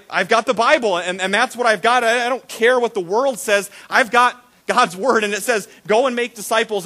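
A man preaching a sermon as a pastor, animated and repetitive when excited, acting out the voices in his stories. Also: high voice. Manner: animated storytelling, acts out quoted voices; repeats words and restarts when excited.

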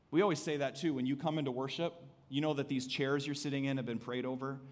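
A man preaching a sermon as pastor, conversational and swinging between soft asides and emphatic calls to the congregation. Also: mid-range voice, steady tone, fairly quick, long reverb tail. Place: church sanctuary.

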